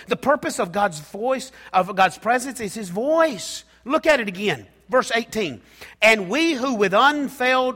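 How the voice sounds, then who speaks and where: A middle-aged man preaching a sermon, swinging between soft, intimate passages and loud, emphatic ones. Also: sits high. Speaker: pastor. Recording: long hall reverb.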